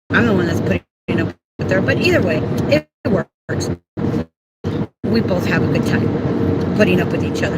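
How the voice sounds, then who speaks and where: A woman's voice: mid-range voice, heavy background noise. A woman chatting casually on a phone livestream, rambling and self-deprecating as she answers viewers.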